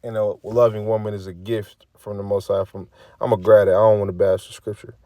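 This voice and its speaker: Low-voiced man preaching casually, dry sound. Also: little pitch movement, fairly quick, warm tone, no echo. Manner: preachy, profane, repeats phrases, acts out quoted remarks. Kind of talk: casual religious commentary reading scripture.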